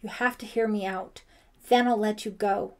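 A woman's voice: medium pitch, takes it slowly, darkish tone, natural voice. A woman voicing a desperate young man in an audiobook, pleading and tense. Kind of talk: audiobook character voice.

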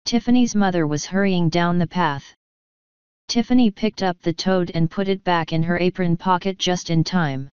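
A woman narrating an audiobook in a steady, even storytelling manner, close to the mic. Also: on the low side, moderate pace, clean tone, no echo, dull audio. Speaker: audiobook reader.

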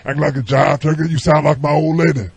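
A brash, stammering phone rep who argues with every caller in ungrammatical slang, as a man puts him on. His voice is deeply gravelly and husky, pitched a little high. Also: steady tone, fast. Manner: stammering, argumentative, ungrammatical street talk. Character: brash rude male customer service rep, middle-aged. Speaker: prank caller. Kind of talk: prank call.

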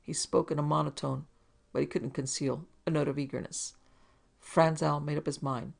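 A woman's voice: low-pitched, steady tone, normal speed, vocal fry. A woman narrating a hard-boiled detective story in a dramatic storytelling manner. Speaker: narrator and producer. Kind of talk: scripted audiobook narration.

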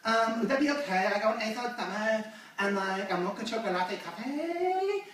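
A dithering, sing-song young woman orders at a counter, as a man puts her on in a mocking impression. She is pitched a little high and hesitates between words. The sound is echoey and distant. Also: lively intonation, moderate pace, a bit bright. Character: ditzy young woman ordering at a coffee shop. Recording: echoey room, mic far off.

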